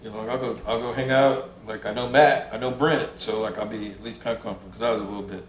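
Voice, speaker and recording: Chill guy w a lowish voice spinning a story, cussing, roomy sound. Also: fairly even intonation, fast, muffled recording, slight background noise. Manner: laid-back, swears freely, acts out quotes. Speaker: interview guest, musician. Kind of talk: casual storytelling interview. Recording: roomy room sound, faint ambience.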